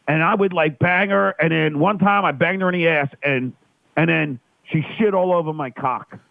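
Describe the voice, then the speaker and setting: A New York man phones in as a guest, swapping crude banter and telling raunchy stories, quick to deny things. His voice is fairly high and gravelly, and the dry recording comes through a tinny phone line.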